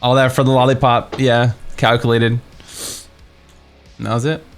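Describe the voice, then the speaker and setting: A man's voice: medium pitch, little pitch movement, normal speed, soft background music. A young man streaming a game, telling a story in a casual, rambling way with many fillers and restarts. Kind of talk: casual storytelling while playing.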